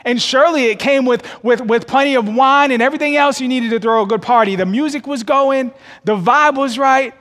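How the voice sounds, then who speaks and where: A man preaching a sermon to his church, expressive and folksy, pushing higher and louder to drive points home. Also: a little fast. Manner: folksy, addresses the congregation as y'all. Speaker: pastor. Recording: long hall reverb.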